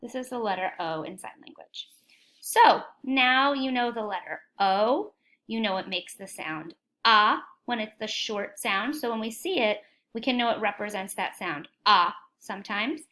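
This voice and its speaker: A woman teaching a phonics lesson to young children, cheerful and encouraging, asking questions and sounding out letters slowly and clearly. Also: medium pitch, lively intonation, sharp tone.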